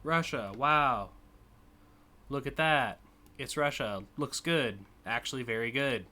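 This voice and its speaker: A young American man hosting a live stream, rambling in casual commentary with lots of fillers and quick laughs. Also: medium pitch, bright, forceful tone. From United States. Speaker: streamer hosting a community car contest.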